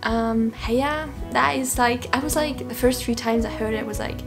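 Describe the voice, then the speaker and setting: A woman's voice: a little high, fairly even intonation, moderate pace, creaky, music in the background. A young woman from Germany with a German accent, chatting casually in a vlog, laughing often and acting out what people said. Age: young adult. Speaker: vlogger.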